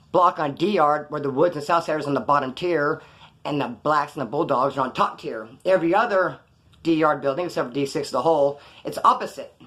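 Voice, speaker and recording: A man's voice: on the high side, a bit bright. A man telling stories in casual, slangy street talk. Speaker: storyteller recounting prison life. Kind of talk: casual spoken storytelling.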